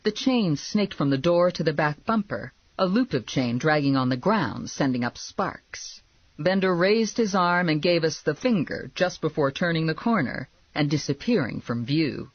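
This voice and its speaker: A woman reading a novel aloud in the first person, wry and conversational. Her voice is slightly breathy, with a lively rise and fall. The recording is dry and dull. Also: sits low, normal speed, dry recording. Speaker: audiobook narrator.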